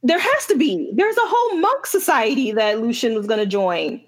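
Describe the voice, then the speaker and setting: A woman's voice: fairly high pitch, animated, normal speed. A woman co-hosting a book podcast, chatting casually with exasperated rants and self-deprecating asides. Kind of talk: casual chat.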